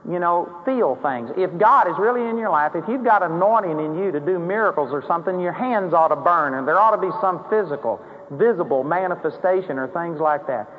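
A man's voice: high voice, a little fast, few pauses, big-room sound. A man preaching a sermon in a conversational way, rising into emphatic acted prayers. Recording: dull, hollow-sounding sermon recording with faint hiss.

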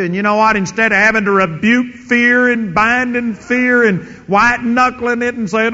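High, bright male preacher in a hall. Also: moderate pace, few pauses, highs cut off, slight background noise. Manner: animated storytelling with quoted prayers and chuckles. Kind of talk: sermon.

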